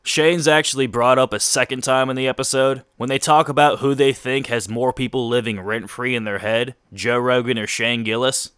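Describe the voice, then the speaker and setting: A man reads a scripted commentary in a bright, forceful voice with a smooth, crisp tone. His delivery is pointed and critical. The recording is close and dry, with no room sound. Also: mid-range voice, steady tone, normal speed, hardly any pauses, no room sound. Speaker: commentary video narrator.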